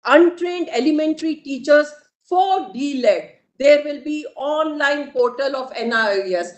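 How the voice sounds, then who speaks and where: A woman, arguing formally before a court in a measured, emphatic way. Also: high voice. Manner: measured, emphatic, addresses the bench repeatedly. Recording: echoey courtroom audio.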